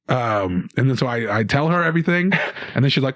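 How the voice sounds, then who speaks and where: Young Canadian comic guest, lively storyteller, dry close studio sound. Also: male voice, medium pitch, fast talker, no room sound. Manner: animated storyteller with many restarts. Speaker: guest comedian. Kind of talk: casual storytelling.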